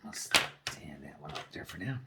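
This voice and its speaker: A woman's voice: extremely low pitch, very animated, normal speed, very noisy. Chatty woman with a Newfoundland accent. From Newfoundland, Canada. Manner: chatty, laughs often, talks to viewers. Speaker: crafting vlogger. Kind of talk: casual chat while crafting.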